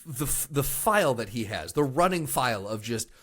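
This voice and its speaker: A man's voice: mid-range voice, sing-song, moderate pace, sharp tone. A man co-hosting a podcast in casual chat, reacting often with short agreements. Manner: responsive, lots of short agreements. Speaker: podcast co-host.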